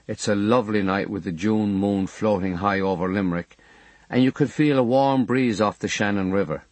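A man's voice: fairly low pitch, normal speed, darkish tone, dry recording. A man reading a memoir audiobook in a wry storytelling manner. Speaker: audiobook narrator.

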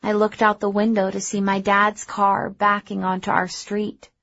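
A woman narrating a first-person story in a measured, even way. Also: medium pitch, vocal fry, no room sound, lo-fi sound. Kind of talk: audiobook narration.

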